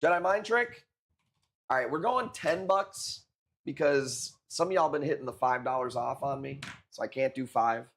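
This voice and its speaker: A man in his forties talks casually to his live-stream viewers while selling corals. His voice sits at an ordinary middle pitch, and his talk is relaxed, full of swearing and sprinkled with dude and bro. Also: moderate pace, creaky. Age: 40s. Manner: laid-back, profane, peppered with dude and bro.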